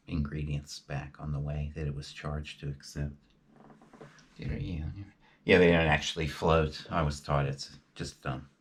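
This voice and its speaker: A man talking in a rambling, halting monologue with many fillers and restarts. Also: very deep voice, gravelly, slightly rough. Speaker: video host.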